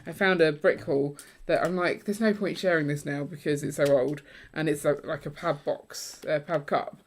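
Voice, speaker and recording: A woman's voice: deep voice, fairly even intonation, moderate pace. A woman casually chatting and telling stories while building Lego on a livestream. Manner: chatty, storytelling, laughs easily.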